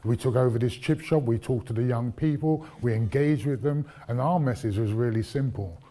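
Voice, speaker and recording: A man's voice: mid-range voice, normal speed, mellow. A man giving a public lecture, telling stories from his past in a conversational way, with asides to the audience. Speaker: guest lecturer.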